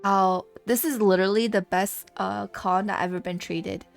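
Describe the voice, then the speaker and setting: A young woman streaming live, telling a story in a lively, chatty way with laughs and swearing. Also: mid-range voice, moderate pace, vocal fry, soft background music. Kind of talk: casual live-stream chat.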